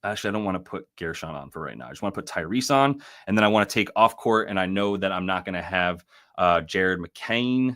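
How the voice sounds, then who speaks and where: Man, low voice, live betting stream host, casual, profane, rambling with fillers. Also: animated, a little fast, fairly bright tone. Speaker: sports betting show host.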